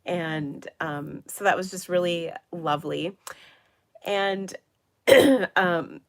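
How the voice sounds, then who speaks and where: A woman's voice: on the low side, slow pace. A middle-aged woman hosting a papercraft livestream, chatting casually and rambling with many fillers, her voice congested and nasal from a cold. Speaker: papercraft channel host.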